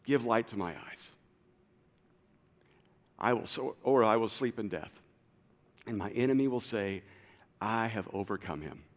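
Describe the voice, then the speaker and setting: A man preaching a sermon as pastor, swinging from loud, urgent lines to quiet, low ones. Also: a little slow, pauses often. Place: church auditorium. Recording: long hall reverb.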